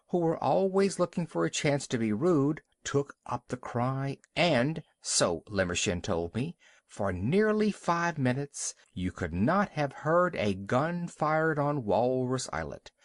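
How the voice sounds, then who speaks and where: A man's voice: mid-range voice, no echo. A man narrating a classic animal story as an audiobook reader, telling it expressively. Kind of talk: scripted narration.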